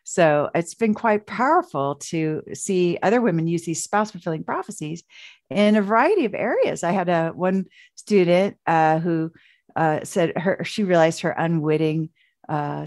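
A woman's voice: lowish voice, expressive, normal speed, darkish tone, no echo, clean studio sound. A woman coach, a guest in an interview, telling stories in a chatty way full of fillers and restarts. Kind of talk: casual storytelling interview.

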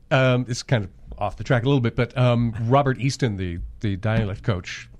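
A man's voice: mid-range voice, moderate pace, a little mellow. A man, a voice actor guest, telling rambling anecdotes on a podcast. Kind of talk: casual podcast storytelling.

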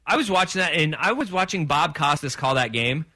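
A man hosting a sports talk radio show, chatting in an animated way and acting out his own reactions. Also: fairly high pitch, brisk.

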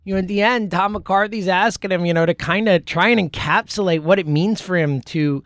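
A man hosting a sports talk show in a casual solo monologue, rambling and excitable, full of fillers and restarts. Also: high-pitched, brisk, dry recording, clean studio sound. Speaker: sports podcast host.

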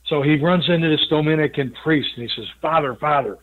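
A man calling into a radio show and telling a joke with animated energy. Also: a little high, fast talker. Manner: animated storyteller. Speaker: caller. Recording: tinny phone line.

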